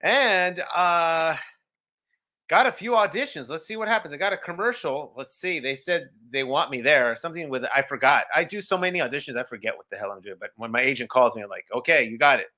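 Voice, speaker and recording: A man chatting as a guest on a sports podcast, excitable and hyped. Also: fairly high pitch, fairly quick. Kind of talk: casual sports podcast chat.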